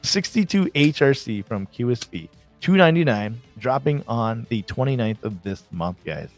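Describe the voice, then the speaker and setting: A married man hosting a casual live stream, chatting excitedly and reacting to viewer comments. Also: medium pitch, normal speed, faint music behind. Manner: excited, chatty, reads chat aloud.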